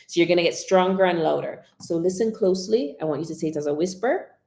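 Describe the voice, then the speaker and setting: A woman coaching public speaking on a live stream, expressive, modelling whispers and dramatic pauses. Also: fairly low pitch, gravelly, roomy sound.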